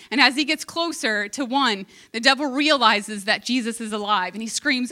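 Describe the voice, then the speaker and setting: A woman giving a sermon in a bright, forward voice pitched a touch high. She tells a story with heartfelt, earnest emotion and plain conversational asides. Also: fairly quick, hardly any pauses. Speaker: preacher.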